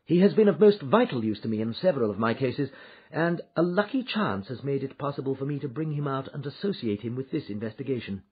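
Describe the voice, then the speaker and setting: A man reading an audiobook, voicing a confident Victorian male detective with a crisp, assured delivery, pitched a little higher than his narration. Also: lively intonation, fast. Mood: grave. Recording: dull lo-fi recording.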